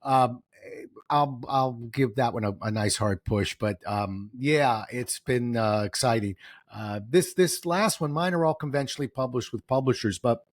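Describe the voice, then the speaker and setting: A middle-aged man, guest on an interview, telling stories in a lively way, acting out quoted voices and getting emotional. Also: mid-range voice, moderate pace, no room sound, studio quality. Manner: animated, acts out quoted voices, gets emotional. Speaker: guest, author and speaker. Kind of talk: storytelling interview answers.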